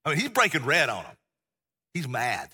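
Passionate middle-aged pastor. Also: male voice, mid-range voice, huge pitch swings, moderate pace, sharp tone, slightly rough. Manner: passionate, folksy, emphatic preaching. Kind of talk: sermon. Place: church sanctuary. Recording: long church-hall reverb.

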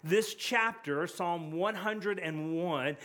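High-pitched male pastor, earnest and conversational sermon delivery with frequent repetition. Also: takes it slowly, a bit bright. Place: church sanctuary.

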